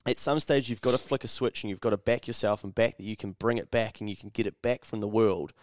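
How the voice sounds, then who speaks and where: A man's voice: lowish voice, steady tone, fast talker, a little hiss or hum. A young man with a New Zealand accent, hosting a casual podcast chat, blunt and swearing freely as he tells stories and acts out quoted voices. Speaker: podcast host.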